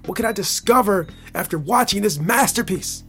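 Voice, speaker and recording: A man's voice: sits high, lively intonation, normal speed, faint music behind. Playful Michigan man rambling. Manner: playful, laughing, swings between loud hype and soft whispers. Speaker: podcast host. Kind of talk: casual monologue.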